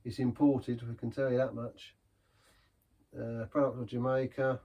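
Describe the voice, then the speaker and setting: A man's voice: medium pitch, flat delivery, a little slow, dark tone. A man giving a casual, rambling beer review in a pub, chatty and self-deprecating.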